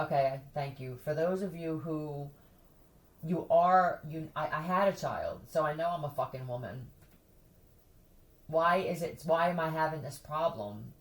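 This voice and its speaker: A woman hosts a casual chat for her viewers, her voice sitting on the low side. She talks bluntly, swears freely and laughs often. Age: adult who has a son.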